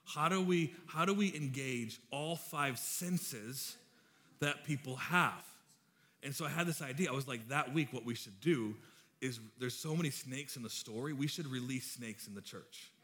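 A man's voice: mid-range voice, normal speed, a bit bright. A man in his thirties preaching a sermon, informal and joking, telling stories to his congregation. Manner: joking storyteller, chatty and informal. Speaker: pastor.

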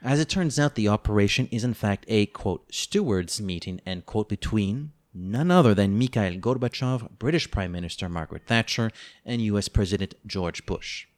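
A man's voice: on the low side, lively intonation, normal speed, few pauses. A man co-hosting a book-review podcast, reading a plot summary with playful, teasing, mock-dramatic asides. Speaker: podcast co-host.

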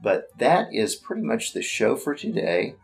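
A man's voice: mid-range voice, sing-song, measured pace, creaky, breathy edge, soft background music, low-quality recording. A man hosting his own podcast, chatting casually and rambling, with lots of repeated words and fillers. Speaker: podcast host. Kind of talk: casual solo podcast chat.

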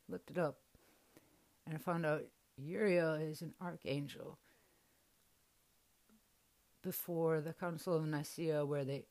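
Her voice is deep and a little mellow: a young woman hosting a podcast, relating a personal story in a frank, easygoing style while swearing freely.

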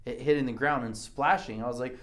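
A man in casual chat, telling animated motorcycle stories and swearing a lot. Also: mid-range voice, fairly quick. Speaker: motorcycle rider.

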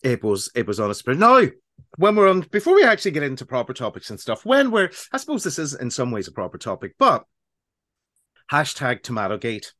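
A man's voice: mid-range voice, huge pitch swings, brisk, bright, forceful tone, no room sound, clean studio sound. Chatty man hosting a radio show. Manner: chatty, rambling, laughs often, many restarts. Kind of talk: casual radio chat.

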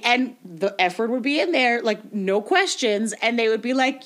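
A young woman from Canada tells stories in a casual chat, with a voice that sits a little high. She talks freely, laughs often and slips into the voices of the people she quotes. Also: lively intonation, moderate pace, hardly any pauses, a bit bright. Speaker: podcast co-host.

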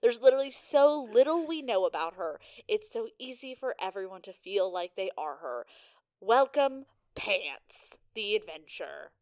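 Woman co-host, casual chat, very animated pitch, blunt and opinionated, swears a lot. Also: a little slow. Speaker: podcast co-host.

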